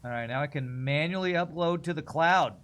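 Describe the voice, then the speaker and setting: A young adult man streaming a game, chatting casually and thinking out loud as he plays. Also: a little high. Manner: chatty, thinks aloud, quick laughs. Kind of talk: casual gameplay commentary.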